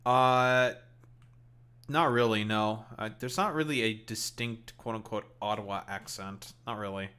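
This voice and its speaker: This Canadian streamer's voice is fairly low, sharp, clear and resonant, and he speaks unhurriedly in a Canadian English accent. He makes casual chat while gaming, rambling along and cursing offhandedly.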